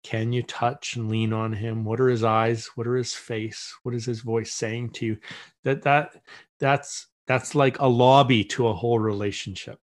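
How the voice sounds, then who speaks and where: A man's voice: medium pitch, fairly even intonation, normal speed. A middle-aged man as a podcast guest, telling a story in casual conversation and acting out the voices he quotes, with many restarts.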